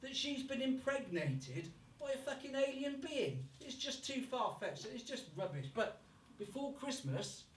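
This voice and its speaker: With a very high, sing-song male voice at a measured pace and hardly any pauses, a Brummie comedian performs stand-up in a live club. The echoey room is recorded from far off with slight background noise, and he swears freely and imitates accents.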